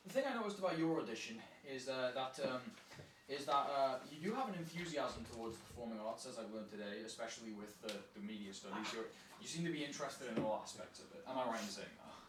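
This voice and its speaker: A man's voice: medium pitch, animated, quick pace. A man coaching a student through acting exercises, upbeat and encouraging, often laughing. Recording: echoey room from a distance with faint noise.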